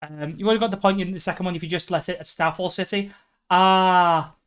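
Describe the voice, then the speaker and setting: A woman's voice: fairly low pitch, steady tone, fairly quick, clean tone. A woman streamer from Britain, rambling and poking fun at herself while chatting and reading aloud on a live stream. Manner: self-deprecating, rambling, laughs often.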